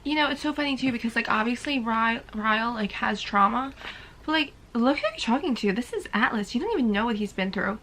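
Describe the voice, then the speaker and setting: A young woman with a fairly high voice talks through a book as she reads it, reacting with strong feeling and leaning on "like" all the time. She is in a casual reading vlog, recorded in a room at home with a faint hum of ambience behind her. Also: lively intonation, brisk, a bit bright, low-quality recording. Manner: emotional running reactions full of "like". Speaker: book vlogger.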